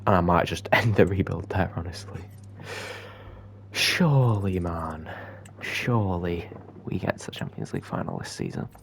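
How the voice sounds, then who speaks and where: A young man commentating on his own football video game match, moving between quiet muttered asides and excited outbursts. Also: low-pitched, moderate pace, creaky, a little hiss or hum. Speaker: gaming YouTuber. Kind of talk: gameplay commentary.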